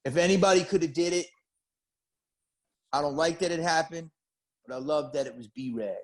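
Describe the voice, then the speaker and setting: A man voicing a jealous boyfriend on the phone, blunt and gruff. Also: on the high side, moderate pace, close to an everyday voice. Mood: grudging.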